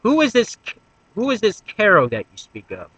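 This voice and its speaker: A man's voice: high voice, wildly swooping pitch, normal speed, a bit bright, no room sound, voice pushed up, exaggerated voice, low-quality recording. A man voicing a sleepy, laid-back young slacker who questions in a drawling, mock-formal way.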